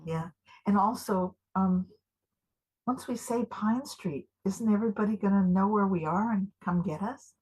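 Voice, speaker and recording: Woman playing an older activist, husky, breathy, gushing, excitable, a bit paranoid, live improv. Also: medium pitch, a little slow, poor audio. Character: eager, jittery older woman activist, easily thrilled. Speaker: improv performer.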